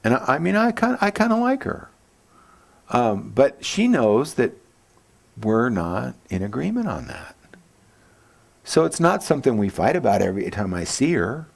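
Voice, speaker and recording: Male pastor, sermon delivery, gravelly and very expressive, jumps up high for quoted lines. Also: moderate pace, pauses often. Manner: animated, jokey, acts out quotes with big pitch jumps. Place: church.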